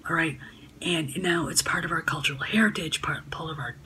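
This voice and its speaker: A woman with a low-pitched voice talks casually to her camera at home. She rambles, stumbles over restarts and fillers, and sounds steadily indignant. A faint background noise sits under the recording. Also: a little fast, sharp tone, rough recording. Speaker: YouTube vlogger. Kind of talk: casual talking-head vlog. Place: home room by a sunny window.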